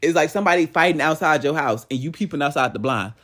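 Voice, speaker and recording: A podcast host chatting casually at home late at night, gossiping and reading cards in an animated, profane way with frequent laughter. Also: medium pitch, quick pace, few pauses.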